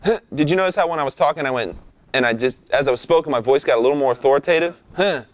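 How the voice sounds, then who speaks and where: A young man talking through a hands-on vocal lesson in an easygoing, demonstrative way. His voice sits at an ordinary middle pitch, and he keeps checking in with his listeners, often tossing in an "okay?". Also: rapid-fire, dry recording. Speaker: rap vocal instructor. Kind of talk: instructional talk.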